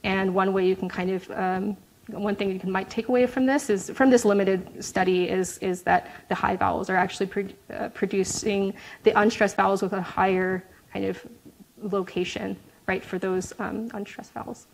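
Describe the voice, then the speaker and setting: Young woman, researcher presenting findings, mid-pitched, conversational and explanatory, checks in with the room often. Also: steady tone, moderate pace, vocal fry, a little hiss or hum, poor audio. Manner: explanatory, frequent "right?" check-ins and "um" fillers. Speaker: academic presenter.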